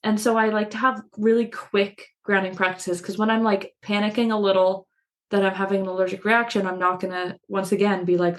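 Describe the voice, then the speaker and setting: A woman's voice: medium pitch, level tone, brisk. A woman co-hosting a casual spiritual podcast, chatty and self-mocking, laughing often as she talks. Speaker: podcast co-host. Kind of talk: casual chat.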